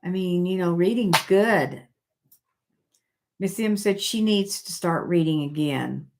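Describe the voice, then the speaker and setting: Chatting casually with viewers on her live stream, an older woman reads their comments out in a halting manner, full of fillers and false starts. She speaks on the low side with a darkish tone.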